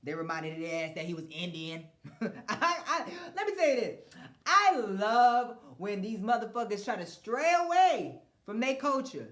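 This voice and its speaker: A man's voice: high-pitched, sing-song, measured pace, fairly bright tone. A man hosting a podcast, giving a blunt, profane political rant with frequent mocking laughs and stumbling restarts. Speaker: podcast host. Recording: roomy echo.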